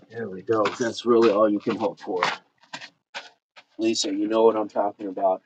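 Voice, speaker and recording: Lower-voiced man chatting through a workout. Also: flat delivery, moderate pace, long pauses. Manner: reads viewer comments aloud and counts reps between chatty remarks. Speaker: fitness livestream host. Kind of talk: casual livestream chat while exercising. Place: outdoors in the countryside. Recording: dull lo-fi sound with faint noise.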